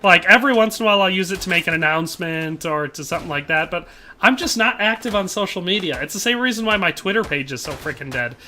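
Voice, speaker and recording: Male game streamer, high bright voice, rambling casual chat with viewers, desktop mic. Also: fast talker, a little hiss or hum. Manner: rambling, animated, laughs often, trails off and restarts. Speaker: gaming livestream host.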